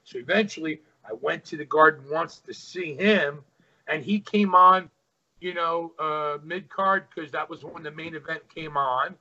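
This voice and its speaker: A middle-aged man telling rough, animated wrestling stories in a casual, profane way. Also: fairly high pitch, unhurried, muffled recording. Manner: animated, swears freely, acts out quotes. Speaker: wrestling guest. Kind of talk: casual storytelling.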